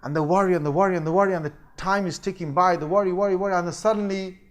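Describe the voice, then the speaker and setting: Animated high-voiced male lecturer. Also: very fast. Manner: animated, acts out quoted voices and fake crying. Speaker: Islamic teacher. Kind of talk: lecture on a scripture story.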